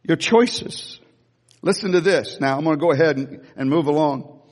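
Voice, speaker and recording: A middle-aged man delivers a sermon in a fairly high voice, firing rhetorical questions at the congregation and breaking off into chatty asides. His voice carries a long reverb, as if filling a large hall. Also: moderate pace. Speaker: pastor.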